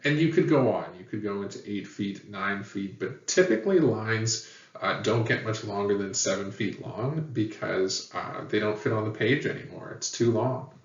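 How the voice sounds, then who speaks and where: A man teaching a lesson in a plain, patient way, pausing often with fillers. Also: on the low side, animated. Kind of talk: explanatory lecture. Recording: echoey, dull, far from mic.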